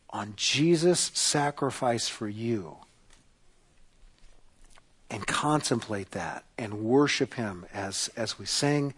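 Male pastor, sermon delivery, husky tone, dramatic storytelling with hushed emphasis. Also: mid-range voice. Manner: dramatic retelling, dropping to a hush on key lines.

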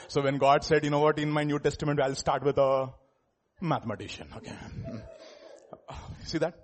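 A male pastor preaching a sermon, animated, chuckling and rising to loud emphasis, often asking the congregation questions. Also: a little high, a little slow.

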